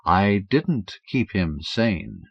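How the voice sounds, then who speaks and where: Man reading as a quiet, cold crime boss. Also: fairly low pitch, expressive, extremely slow, creaky, no room sound, full character voice. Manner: quiet and composed. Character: calm, cold gangster boss. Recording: dull, dry audiobook recording.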